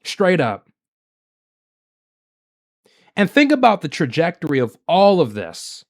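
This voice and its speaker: Indignant man ranting, lively pitch. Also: slow. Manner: indignant, emphatic, repetitive rhetorical questions. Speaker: political commentary host. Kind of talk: solo political commentary.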